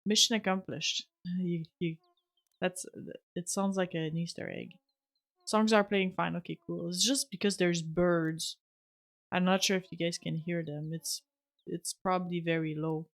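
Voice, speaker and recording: Soft-spoken woman with a gravelly voice. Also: lowish voice, fairly even intonation, unhurried. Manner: chatty, self-interrupting, soft-spoken. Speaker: streamer. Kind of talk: casual game commentary.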